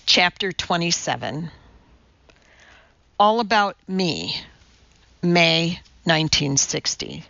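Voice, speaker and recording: A woman narrating an audiobook in a measured storytelling manner. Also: on the low side, expressive, gravelly, sharp tone, no echo, highs cut off. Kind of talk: scripted narration.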